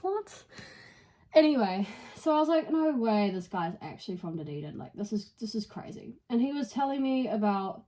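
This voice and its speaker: A woman's voice: mid-range voice, a little fast, hardly any pauses. Chatty young New Zealand woman. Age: young adult. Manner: chatty, lively, with many fillers and acted asides. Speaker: vlogger. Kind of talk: casual storytelling.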